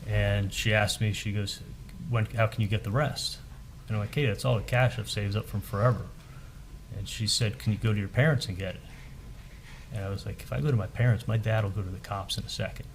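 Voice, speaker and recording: Male trial witness, lower voice, testifies haltingly and repeats words while recounting dialogue. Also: fairly even intonation, slight background noise, low-quality recording. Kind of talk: courtroom testimony. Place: courtroom.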